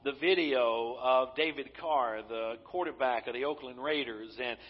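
A man's voice: mid-range voice, moderate pace, slightly rough. A man preaching a sermon as pastor, speaking with emphasis and putting questions to his congregation. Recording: dull recording with long hall reverb.

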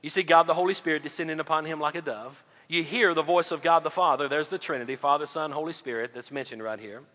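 Preacher man, bright voice rising and falling. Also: fast talker, in a large hall. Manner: swings between loud rising emphasis and quiet low drops. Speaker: pastor. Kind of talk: sermon.

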